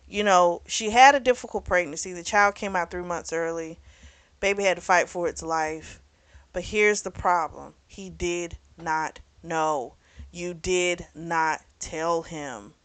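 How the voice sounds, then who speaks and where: A woman hosting a book club channel, recapping a novel's plot in a blunt, animated way, swearing and laughing now and then. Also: lowish voice, no room sound. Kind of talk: casual book recap and review.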